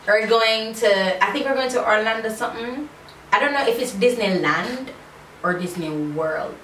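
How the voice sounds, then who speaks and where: A woman's voice: fairly high pitch, fairly quick, fairly bright tone. A woman in her thirties with a Jamaican accent, answering tag questions in a sassy, playful way on a phone video. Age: 30s. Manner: sassy, playful, breaks into little sung bits. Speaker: YouTuber. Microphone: phone camera. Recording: roomy, distant phone mic, faint ambient noise.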